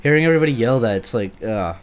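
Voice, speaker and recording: A man's voice: mid-range voice, expressive, rapid-fire. Jittery swearing man playing a horror game. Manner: jittery, swearing, talking to monsters. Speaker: gameplay commentator. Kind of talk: let's play commentary.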